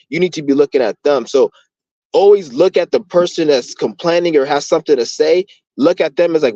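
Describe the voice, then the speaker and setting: A man's voice: a little high, a little fast, warm tone, no echo. A man ranting in a rambling, profane, heated monologue for his channel. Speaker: vlogger. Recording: dull lo-fi dry recording.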